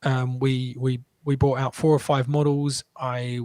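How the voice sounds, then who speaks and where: An entrepreneur appearing as an interview guest tells his story animatedly, with lots of quick restarts. His voice sits at a middle pitch, and he's recorded in a dry, dead room with no room sound.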